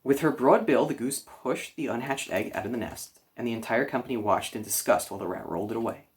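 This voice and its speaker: A man reading a children's chapter book aloud, gentle storytelling with small slips. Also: medium pitch, fast talker. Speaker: children's librarian reader.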